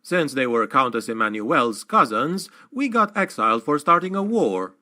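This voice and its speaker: A man's voice: medium pitch, very animated, normal speed, bright, forceful tone. A man voicing a proud young noble heir in an audiobook, with refined, cultured speech.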